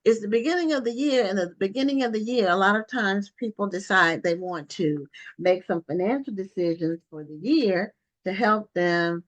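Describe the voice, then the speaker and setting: A woman hosting an online book talk show, conversational and affirming with her guests. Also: mid-range voice. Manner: conversational, affirming, with quick asides.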